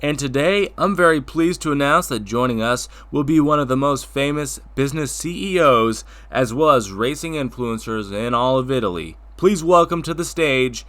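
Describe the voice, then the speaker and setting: A man's voice: mid-range voice, animated, normal speed, hardly any pauses, a bit bright. A man hosting a comedic talk show as a friendly tractor, stammering and bumbling over names.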